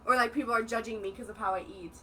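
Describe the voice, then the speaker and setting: A young adult woman co-hosting a casual chat, telling stories in an animated way and acting out what others said. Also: a little high, rapid-fire, recorded from a distance, background noise. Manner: animated storyteller who acts out quoted dialogue. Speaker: co-host, daughter of the host.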